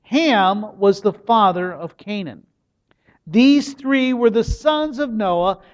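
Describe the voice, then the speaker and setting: A man with a high voice preaches in an earnest, measured way, stressing his warnings by repeating them. The recording sounds dull and lo-fi, with the top end rolled off. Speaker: pastor. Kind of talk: sermon.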